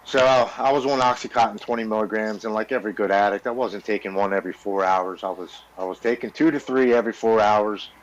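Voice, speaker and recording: A man in his forties, a podcast guest recounting his own recovery story. His voice sits a touch low, and he talks in an earnest, blunt way with occasional swearing. He often repeats words as he works through the memory. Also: fairly quick, hardly any pauses, dull audio. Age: 40s.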